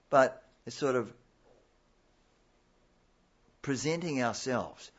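A male preacher delivers a sermon, leaning on repetition and earnest pleading, and often circling back over his words. His pitch sits in an ordinary middle range. The recording sounds dull and lo-fi. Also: animated, a little slow.

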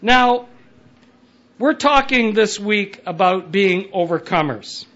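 A man's voice: high-pitched, expressive, takes it slowly, a bit bright. A man preaching an interactive sermon, playfully bantering with the audience in a large hall. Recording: distant, echoey, dull and noisy room recording.

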